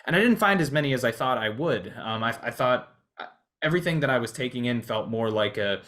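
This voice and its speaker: A man's voice: mid-range voice, animated, brisk, a bit bright. Hesitant man in casual film talk. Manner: hesitant, many restarts and fillers. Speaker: podcast co-host.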